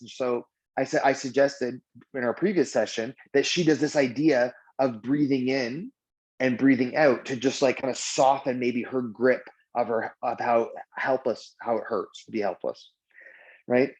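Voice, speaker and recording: A man's voice: medium pitch, measured pace. A man working as a wellness coach. He leads a breathing practice and then talks in a loose, filler-heavy way, acting out the people in his stories. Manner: animated storyteller who acts out quotes. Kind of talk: guided breathing and coaching talk. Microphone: video call. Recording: dull lo-fi video call audio.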